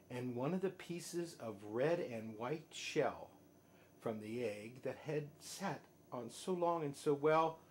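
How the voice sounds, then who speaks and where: Unhurried dad reading a rhyming storybook. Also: male voice, mid-range voice, slight background noise. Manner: sing-song rhythmic reading, dropping soft at line ends. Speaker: father reading to his child. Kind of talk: reading a rhyming picture book aloud.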